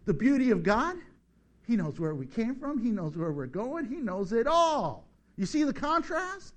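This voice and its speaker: Animated high-voiced male preacher. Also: normal speed. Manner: animated, joking, acts out voices. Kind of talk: sermon.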